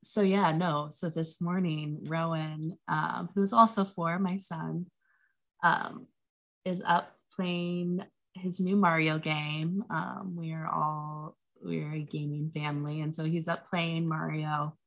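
Low-voiced woman, chatty and animated. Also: slow, creaky. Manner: chatty, many fillers, animated when quoting her son. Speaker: podcast co-host. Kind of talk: casual chat.

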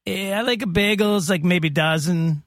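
A man's voice: high-pitched, normal speed, a bit bright, no room sound, studio quality. A man doing a stubborn old lady customer. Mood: insistent. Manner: simple, clipped phrases.

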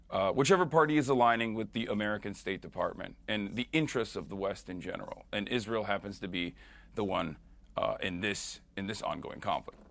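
Male online streamer as remote guest, deliberate and filler-heavy, dry close sound. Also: lowish voice, a bit bright, no echo. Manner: measured, hesitant with many fillers. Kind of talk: live interview over a video link.

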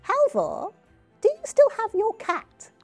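Tiny male troll, very high squeaky voice, pushy, folk tale figure, put on by a woman. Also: huge pitch swings, takes it slowly, a little mellow, faint music behind, heavily acted. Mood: sly.

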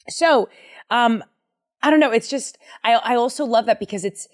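Young woman doing casual bible study, chatty, says um a lot. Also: fairly low pitch. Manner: enthusiastic, chatty, many fillers.

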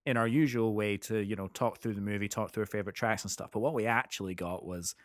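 A male podcast co-host with a fairly low voice, recorded close and dry. He sets up the conversation in a measured, explanatory manner. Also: fairly even intonation, dry recording. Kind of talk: casual interview chat.

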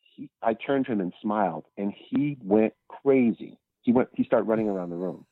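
A man speaking as a podcast guest, telling animated stories and acting out the quotes as he goes. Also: fairly low pitch, normal speed, dry recording, narrow, tinny audio. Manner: animated storyteller, acts out quotes. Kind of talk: casual storytelling.

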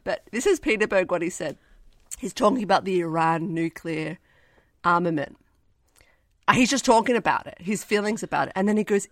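Lively woman ranting about a movie. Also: fairly low pitch, fairly quick, no echo, studio quality. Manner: animated, swearing, laughing, acts out quotes. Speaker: podcast co-host. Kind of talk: casual movie-review chat.

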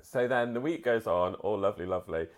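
A man's voice: fairly low pitch, fast talker. A man, a podcast co-host, telling a self-mocking story with frequent laughter in casual chat.

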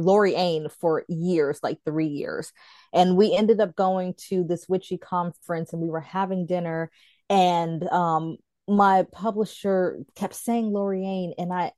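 A woman guest in a casual online interview, chatty and animated as she tells stories and laughs. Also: lowish voice, dry recording. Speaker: guest, author and tarot teacher.

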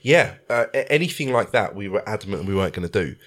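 Blunt, low-voiced man teasing. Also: quick pace. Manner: blunt, profane, deadpan teasing. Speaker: podcast co-host, father. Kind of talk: casual chat.

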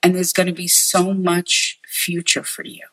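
Earnest low-voiced woman giving a reading. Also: monotone, a little slow, a bit bright, poor audio. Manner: earnest, repetitive, relays messages in quotes. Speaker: psychic medium. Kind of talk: spirit reading for sitters.

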